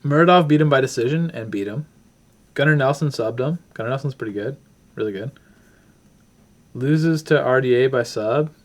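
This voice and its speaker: A man's voice: mid-range voice, moderate pace, pauses often. A man hosting a casual talk show, rambling through a fight breakdown while thinking aloud with many fillers. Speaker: podcast host.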